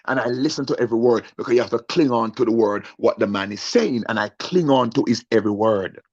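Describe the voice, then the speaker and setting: A man's voice: medium pitch, fairly quick, vocal fry, few pauses. A young man, performing a stand-up story and acting out the people in it, often turning to ask the audience questions. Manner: animated storyteller, acts out voices, asks the audience. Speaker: comedian. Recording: muffled lo-fi recording.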